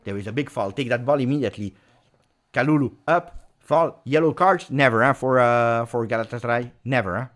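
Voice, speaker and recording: A man hosts a live football watch-along, reacting as the match plays out and lurching between low muttering and loud shouts. He speaks at a normal pace.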